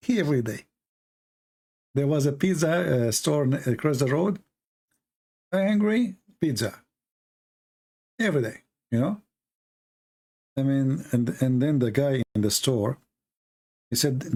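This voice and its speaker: A man hosts an online show in a loose, mocking monologue. His English is non-native and full of slips and restarts, and his pitch sits in the middle range. He keeps breaking into laughter at his own jokes. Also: expressive, slow, long pauses, darkish tone. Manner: rambling with frequent restarts and fillers. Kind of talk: casual mocking commentary.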